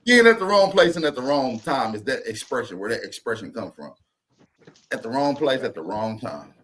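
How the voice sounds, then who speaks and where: A man talks through a point in a loose street-slang manner, checking in with his listeners every few sentences. His voice sits at an ordinary middle pitch and carries the easy flow of a casual online panel. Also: very animated, normal speed, a bit bright, slight background noise.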